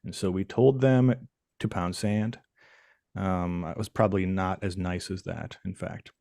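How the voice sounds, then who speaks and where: A man from Michigan hosting a live stream, chatting casually and jokingly with the audience and pausing often on fillers. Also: low-pitched, fairly even intonation, vocal fry, mellow, dry recording, studio quality. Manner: playful, jokey, chatty with frequent fillers. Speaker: livestream host.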